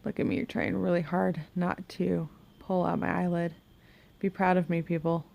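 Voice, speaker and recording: A woman's voice: on the low side, level tone, normal speed, creaky, a little mellow. A woman chatting through a makeup tutorial at home, talking to herself as she works and humming now and then. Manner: chatty, talks to herself while working, hums and mutters. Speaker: beauty vlogger. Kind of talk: casual makeup tutorial chat. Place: home bedroom.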